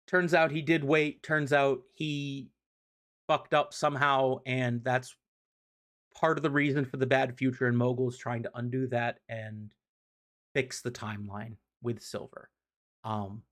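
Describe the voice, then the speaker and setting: Casual, profane male streamer recapping comics. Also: medium pitch. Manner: loose and profane, lots of "um" and "like"; enthusiastic fan opinions.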